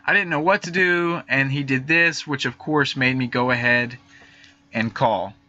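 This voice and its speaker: A man narrating over screenshots of messages, hesitant and halting, with many fillers and restarts, nervous and frightened. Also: mid-range voice, pushed and bright, dull audio. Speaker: YouTube channel host.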